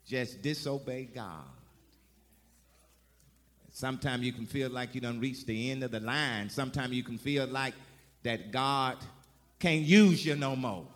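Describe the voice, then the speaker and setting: A man preaching a sermon in the first person as a Bible figure, calling for responses and swinging from soft to loud. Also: medium pitch, in a large hall. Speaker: guest preacher.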